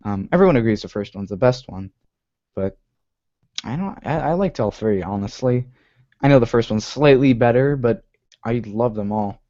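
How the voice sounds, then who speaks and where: A man's voice: mid-range voice, lively intonation, normal speed, mellow. A young man hosting a live web show, chatting casually in a rambling way, correcting himself often. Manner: rambling, many restarts and "like" fillers, self-correcting. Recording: dull lo-fi home stream audio.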